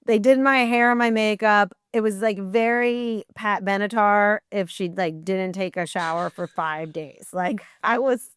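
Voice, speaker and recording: A woman guest telling a story in a podcast interview, animated and acting out dialogue with incredulous asides. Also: mid-range voice, unhurried, hardly any pauses, smooth, no room sound. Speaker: guest, burlesque performer.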